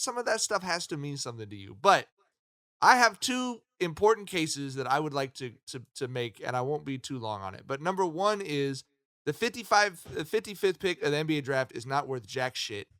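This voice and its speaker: A man's voice: fairly high pitch, bright, forceful tone, no room sound. A man in his thirties co-hosting a sports podcast, talking casually and emphatically with plenty of swearing. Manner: profane, emphatic, storytelling. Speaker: podcast co-host.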